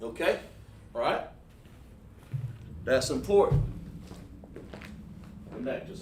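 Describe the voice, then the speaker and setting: A man's voice: a little high, expressive, a little slow, long pauses, background noise. A man teaching a livestreamed class, patiently checking in and praising his students. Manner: patient, checks in with repeated "okay, all right", praises students. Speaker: class instructor. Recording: echoey room, voice far from mic.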